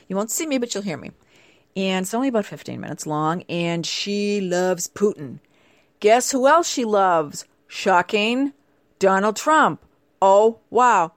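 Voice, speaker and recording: Animated, chatty woman host. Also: mid-range voice, dry recording. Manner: chatty, animated storytelling with playful asides. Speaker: show host. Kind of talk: casual chat.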